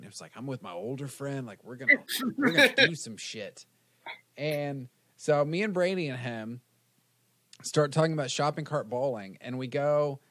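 A young man in casual chat, telling a story in a relaxed way. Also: medium pitch, no echo.

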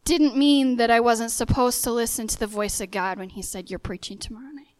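A young woman preaching in a storytelling way, her voice sitting fairly high. She acts out the back-and-forth of her story with lively quoted voices. The sound is close and dry, with no room around it. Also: a little fast, dry recording. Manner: animated storytelling, acting out dialogue in quoted voices. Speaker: speaker sharing a testimony. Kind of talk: sermon-style storytelling.

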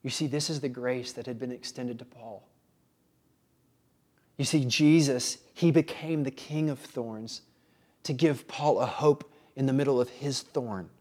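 A man preaching a sermon in an earnest way, often pausing and restarting. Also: mid-range voice, dark tone. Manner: earnest, with frequent pauses and restarts. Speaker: pastor.

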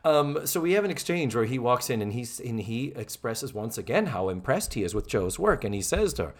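A man co-hosting a casual podcast, recapping a sitcom episode with animated delivery and free swearing. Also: medium pitch, a little fast. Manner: animated, swears freely, acts out quoted lines. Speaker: podcast co-host.

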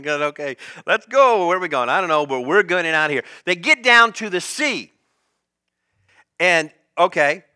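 A male pastor preaching a sermon with animated storytelling and frequent laughs. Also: fairly high pitch. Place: church service.

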